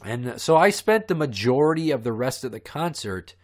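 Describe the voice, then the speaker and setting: A man's voice: medium pitch, big pitch swings, moderate pace. A man hosting a podcast who tells stories in a profane, heated, ranting way. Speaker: podcast host. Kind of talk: ranting storytelling.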